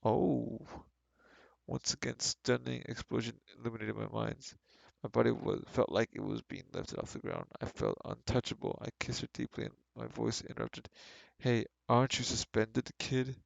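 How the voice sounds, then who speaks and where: A man's voice: mid-range voice, animated, normal speed, gravelly, darkish tone, no echo. A man reading a book aloud on stream and breaking off with sarcastic, exasperated commentary.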